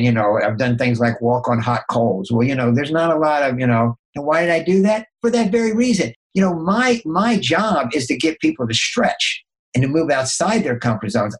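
An older man, a consultant and podcast guest, telling motivational stories in a lively way, often restarting and repeating words. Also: moderate pace, rough recording. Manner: animated, acts out inner dialogue with jumps in pitch. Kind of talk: motivational storytelling.

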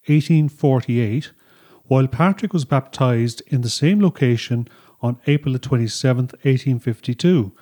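A man co-hosting a podcast, explaining things in a relaxed way with filler words. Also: medium pitch. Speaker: podcast co-host. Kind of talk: explanatory conversational podcast talk. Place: home studio.

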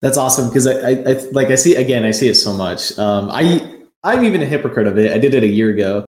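A man's voice: medium pitch, animated, fast talker, darkish tone, reverberant. A man hosting a podcast, upbeat and chatty, often stumbling over restarts and filler words. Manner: enthusiastic, stammers and restarts, many "like"s. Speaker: podcast host. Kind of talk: casual interview talk.

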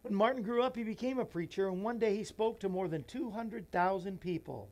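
Man, talk show host, reading a children's book aloud, earnest, folksy asides, emotional, softening voice. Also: sits high, brisk. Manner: emotional, voice drops soft and near tears.

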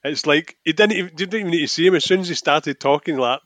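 A man's voice: a little high, fast talker, fairly bright tone, dry recording. Laid-back man in a dry recording. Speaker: podcast co-host. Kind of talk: casual film chat.

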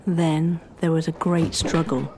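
A woman narrating a historical story in a measured, scripted storytelling style. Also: low voice, little pitch movement, background noise.

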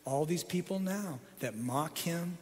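A middle-aged male pastor with a high voice delivers a sermon, sinking to soft, low passages and then climbing to excited peaks. His voice carries a long reverb tail through a church sanctuary. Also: unhurried. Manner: dynamic preaching, swinging from soft low tones to excited peaks.

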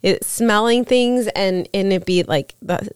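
Smooth-voiced woman telling ghost stories. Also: mid-range voice, measured pace, no room sound, clean studio sound. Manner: chatty storyteller, laughs often. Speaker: podcast co-host. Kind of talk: casual chat.

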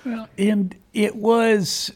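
A man's voice: high voice, flat delivery, drawn-out words, darkish tone. A man co-hosting a radio show, talking with enthusiasm and a rallying tone. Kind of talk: casual radio chat. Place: radio studio.

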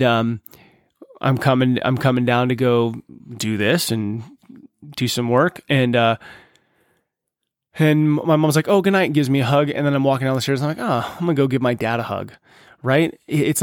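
Gravelly earnest man hosting a dad podcast. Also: mid-range voice, dry recording, clean studio sound. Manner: earnest, pep-talk, addresses dads directly. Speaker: podcast host. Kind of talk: solo motivational podcast talk.

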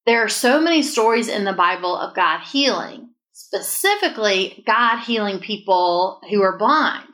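A woman's voice: medium pitch, animated, unhurried, few pauses, bright, forceful tone. A woman sharing a personal faith story in an earnest, emotional way, as a guest in a conversation.

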